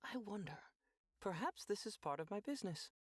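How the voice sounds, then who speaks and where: A man's voice: high voice, very animated, brisk. An actor playing a playful, trollish young male angel who talks in a joking way. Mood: sly. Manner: joking, sly.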